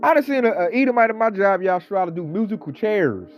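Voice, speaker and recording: A man delivering a casual ranting monologue, talking with animated, mocking energy and mimicking coworkers. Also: high voice, fast. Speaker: online commentator. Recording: slightly dull audio, faint background music.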